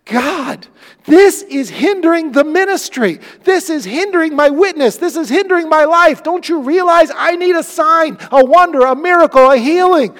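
Here a preacher acts out a frantic apostle, voice pushed high and loud as he begs heaven for a sign. His tone turns whiny and demanding. A long reverb trails each line through the big hall. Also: animated, normal speed, exaggerated voice. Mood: pleading. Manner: pleading, then whiny and mocking. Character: exasperated middle-aged male apostle pleading with God.

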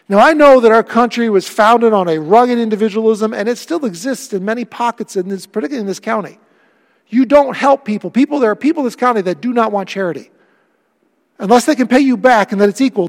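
A middle-aged man preaching a sermon as pastor, swinging between loud emphatic lines and hushed, quiet ones. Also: sits high, in a large hall.

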